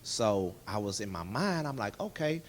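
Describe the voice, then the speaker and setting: A man, a guest in a candid interview, telling his personal testimony and acting out dialogue in lively voices. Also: lowish voice, normal speed. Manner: animated storyteller who acts out dialogue in other voices.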